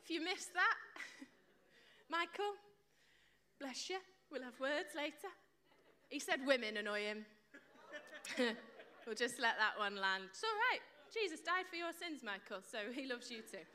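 In a church hall before a live congregation, a woman delivers a chatty, playful sermon, joking with the audience and quizzing them. Her voice sits high with big pitch swings and sounds pushed and bright; she speaks a little slowly and pauses often. A close mic with no windshield picks up her breathing.

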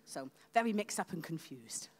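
A woman's voice: sits low, big pitch swings, normal speed, darkish tone. A woman from Gloucester with a mixed Welsh and Scouse accent, a teacher explaining signs in a friendly way. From England, born in Gloucester. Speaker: teacher and sign language guest.

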